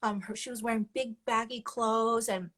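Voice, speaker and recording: Brief: woman guest, fairly high voice, candid and animated testimony, quick to laugh. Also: rough recording. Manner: candid, animated, laughs often while telling. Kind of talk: personal testimony storytelling.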